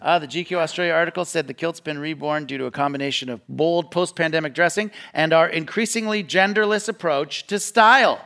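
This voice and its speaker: A man hosting a live comedy quiz on a theatre stage, jokey and quick with asides. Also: fairly high pitch, creaky, sharp tone. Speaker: quiz host. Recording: live theatre audience, light noise. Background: audience laughing and clapping.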